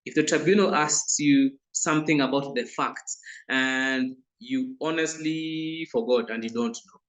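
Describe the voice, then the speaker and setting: A man's voice: mid-range voice, normal speed, fairly bright tone, rough recording. Firm Ugandan man coaching moot advocates. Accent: Ugandan English. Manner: firm, instructive, repeating warnings as numbered points. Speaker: moot court trainer.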